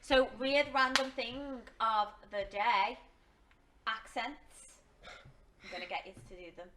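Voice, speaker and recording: A woman's voice: a little high, slow, bright, forceful tone, slight background noise. A woman hosting a casual podcast interview, chatty with plenty of fillers. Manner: chatty, laughs easily, many fillers. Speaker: podcast host.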